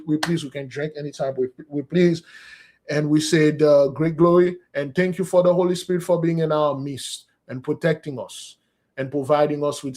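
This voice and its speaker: A man delivers an earnest sermon that flows into a spoken prayer, exhorting his listeners and addressing them as beloved. His voice sits a little higher than most men's. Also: a little mellow. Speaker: preacher.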